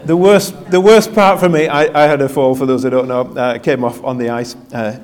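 A man's voice: mid-range voice, steady tone, a little fast, a little mellow. An older man, a pastor, giving a chatty, self-deprecating Christmas sermon and drawing answers from his congregation. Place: church with live congregation.

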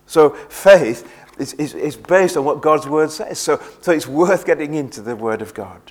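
A man's voice: fairly high pitch, normal speed. A man preaching a sermon in an earnest way, often repeating words as he presses a point.

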